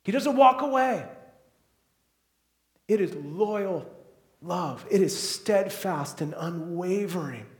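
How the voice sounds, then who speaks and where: A man preaching a sermon as pastor, moving between soft, hushed passages and loud, emphatic ones. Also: high voice, expressive, slow pace, long pauses, roomy sound.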